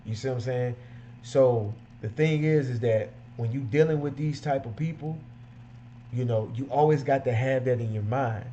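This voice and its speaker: A man's voice: mid-range voice, a little mellow, lo-fi sound, slight background noise. A man who runs a mobile detailing business, giving emphatic, repetitive, street-casual advice.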